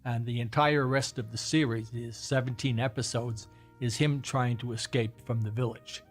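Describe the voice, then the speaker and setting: A man's voice: mid-range voice, fairly even intonation, moderate pace, faint music behind. A man hosting a casual chat, retelling old TV shows in a rambling, hesitant way with many fillers. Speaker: host.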